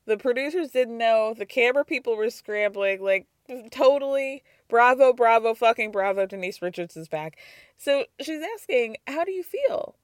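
A woman's voice: a little high, normal speed, clear, resonant tone, no echo, studio quality. A woman hosting a casual recap podcast, gossiping and laughing as she acts out quotes, with a cold. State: has a cold. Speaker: podcast host.

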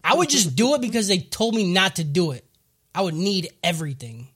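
A man's voice: sits high, brisk, breathy edge. A man hosting a podcast, recapping an anime episode in a casual, profane, joking way. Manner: profane, joking, animated storyteller. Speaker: podcast host.

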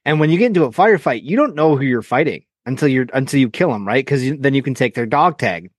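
A man talking as a podcast guest, telling animated stories, acting out quotes and swearing freely. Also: medium pitch, fast, few pauses, dry recording, clean studio sound. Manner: animated storyteller, acts out quotes, profane. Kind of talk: casual podcast chat.

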